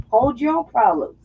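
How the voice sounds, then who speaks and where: A woman's voice: a little high, noisy background. A woman talking heatedly and profanely in a casual political chat, often mocking others in put-on voices. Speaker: co-host. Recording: dull lo-fi audio.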